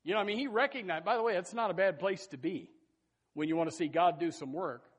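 Man, pastor, high voice, emphatic sermon, folksy, loud and soft swings, repeats phrases. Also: fast talker, husky. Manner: folksy, addresses listeners as folks and says amen.

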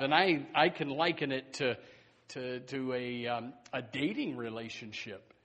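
A man preaching a sermon in a church, animated and full of stumbling restarts and repeated words. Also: mid-range voice, measured pace. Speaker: pastor. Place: church sanctuary. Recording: long hall reverb.

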